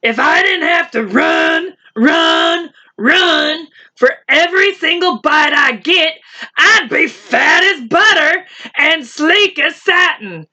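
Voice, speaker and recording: A woman voicing a scrawny, hungry male lion who grumbles loudly in a storybook reading. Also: very high-pitched, expressive, slow, voice pushed up, exaggerated voice. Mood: grumbling. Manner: loud grumbling complaint.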